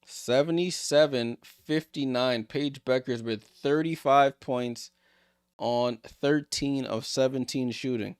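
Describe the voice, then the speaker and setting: Man, streamer, casual play-by-play, excitable, joking, dry close sound. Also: mid-range voice, slow pace, clear, resonant tone, no room sound. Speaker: streamer hosting a game watchalong. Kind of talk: casual live play-by-play commentary.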